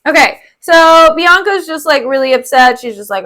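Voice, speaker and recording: A woman with a high voice who talks in a playful, chatty way. She reads a play aloud on stream and retells the scenes in modern slang. Her manner stays relaxed and informal. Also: moderate pace, few pauses. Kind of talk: casual chat and read-aloud.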